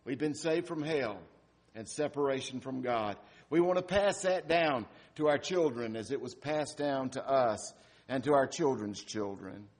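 A man's voice: mid-range voice, measured pace. Man telling a story in a sermon. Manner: dramatic storytelling with wide swings in loudness. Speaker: pastor.

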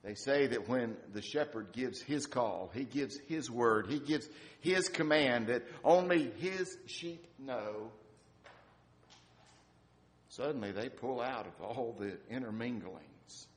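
Man preaching, lively then hushed. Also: mid-range voice, slow. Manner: storytelling, shifting from lively to hushed and reflective. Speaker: pastor. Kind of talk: sermon. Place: church sanctuary.

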